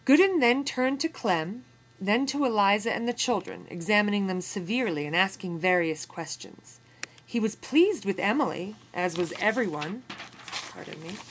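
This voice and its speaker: A woman's voice: lowish voice, slight background noise. Woman reading aloud with casual asides. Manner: clear reading, then relaxed asides with fillers. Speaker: teacher reading a memoir aloud.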